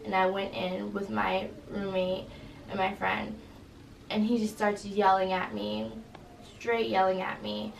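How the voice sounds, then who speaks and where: Young woman telling her story, gravelly flat voice, echoey room, mic kinda far. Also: medium pitch. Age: young adult. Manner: halting, with many "like" fillers. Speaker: interviewee, college student. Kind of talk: recounting an incident in an interview. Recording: roomy echo, distant mic, faint noise.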